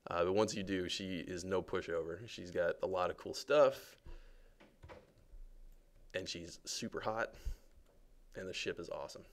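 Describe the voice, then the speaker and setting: Low, gravelly-voiced man narrating a game tour. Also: measured pace, pauses often. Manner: relaxed, chatty, lots of fillers and jokes. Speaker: game developer guiding a livestream tour. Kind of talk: casual livestream commentary.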